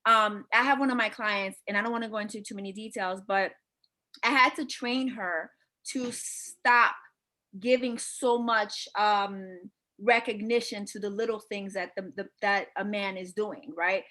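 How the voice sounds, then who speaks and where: A woman relationship and sex coach talking casually on a panel, animated and often acting out quoted dialogue. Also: mid-range voice, measured pace.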